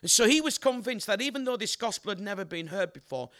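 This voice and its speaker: An evangelist in his fifties delivers a sermon in a high, bright voice. He leans hard on emphasis and keeps asking his listeners questions. His tone stays forceful and sharp. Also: animated, fast. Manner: emphatic, asks the audience rhetorical questions. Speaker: evangelist preacher.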